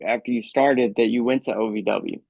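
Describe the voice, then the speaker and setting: A man's voice: medium pitch, a little fast, gravelly, a little mellow, slightly rough, no room sound, dull audio. A man hosting a podcast, asking his questions in a casual, somewhat hesitant way with filler words. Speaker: podcast host. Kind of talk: interview questions.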